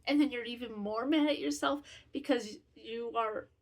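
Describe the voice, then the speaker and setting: A woman in her fifties talks through her week in a relaxed, rambling way, often restarting her sentences. She is open and hard on herself as she tells a personal story. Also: a little high, moderate pace. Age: 50s. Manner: candid, self-critical, rambling with restarts. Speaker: knitting podcast host. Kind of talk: casual personal chat.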